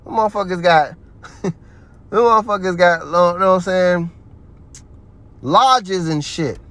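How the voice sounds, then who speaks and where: A man's voice: high-pitched, unhurried, a bit bright. A man giving heated religious commentary, ranting in a profane, preachy way.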